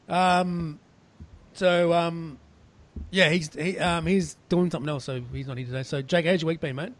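A man's voice: on the high side, fairly even intonation, normal speed. A man with an Australian accent co-hosting a podcast with laid-back, friendly banter. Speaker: podcast co-host. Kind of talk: casual podcast chat.

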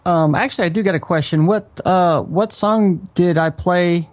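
High-voiced man calling into a podcast. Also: normal speed. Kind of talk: casual chat.

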